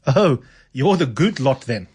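A man's voice: medium pitch, very animated, measured pace, a little mellow, breathy edge, heavily acted. A man reading aloud, voicing a chatty middle-aged Irish landlady with a blunt, gossipy manner and a shaky attempt at an Irish lilt. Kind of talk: reading a novel aloud on radio.

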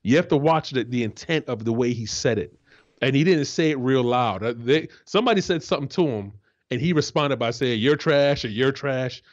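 Man, former football player, sports talk co-host, profane, emphatic, lively pitch, muffled recording. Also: brisk.

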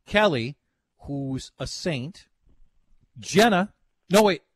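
A man's voice: fairly high pitch, expressive, slow pace, slight background noise. A man hosting a radio talk show, bantering with co-hosts and taking callers. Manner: joking, takes callers.

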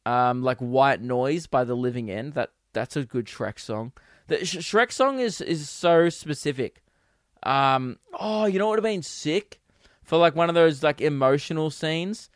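A man's voice: on the high side, animated, a little slow, dry recording, clean studio sound. A young man, hosting a casual solo podcast, rambling and giggly with lots of fillers. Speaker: podcast host and comedian.

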